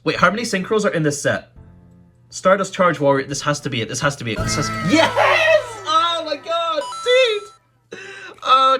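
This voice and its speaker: A man hosting a casual card-opening video, excitable, swinging from low grumbling to loud outbursts and swearing. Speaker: YouTube card-opening host. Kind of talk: casual pack-opening commentary.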